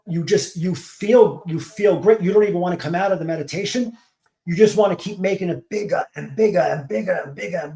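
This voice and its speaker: High-voiced man rambling in an echoey room. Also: mellow. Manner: rambling, many restarts and fillers. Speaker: podcast host. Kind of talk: casual monologue.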